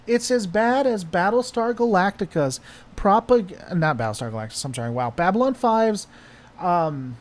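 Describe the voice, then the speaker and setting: A man's voice: high voice, expressive, moderate pace. A man hosting a casual livestream chat, rambling and heavily sarcastic as he answers viewers. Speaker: host.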